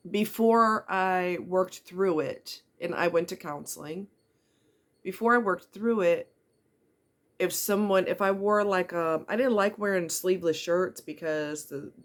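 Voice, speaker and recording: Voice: medium pitch, fairly bright tone. Middle-aged vlogger, earnest and blunt, talks straight to the viewer with pointed questions. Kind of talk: candid personal monologue.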